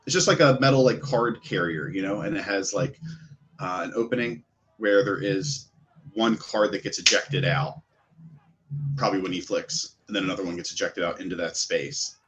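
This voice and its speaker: A man running a tabletop game, narrating loosely with a forceful, bright tone. His voice sits low, and he rambles through scenes with lots of fillers. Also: normal speed. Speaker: game master.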